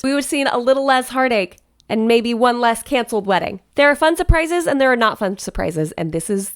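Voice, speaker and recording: A woman's voice: fairly high pitch, fairly bright tone. A woman wedding planner giving advice in a casual vlog, chatty and direct, often checking in with "okay?".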